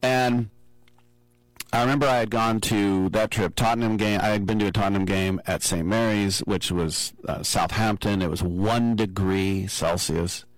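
A man casually telling a lively personal story on a podcast, acting out the quotes. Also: fairly low pitch, normal speed, no echo, poor audio. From from abroad, flew in to see matches. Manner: animated anecdote-telling with acted-out quotes.

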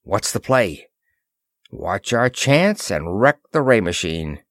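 A gruff young space flyer who mutters and grunts with dry sarcasm, as a man voices him in a storybook. The voice sits low and moves unhurried. The sound is dry and close. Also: very animated, fairly bright tone, dry recording, full character voice. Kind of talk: audiobook character voice.

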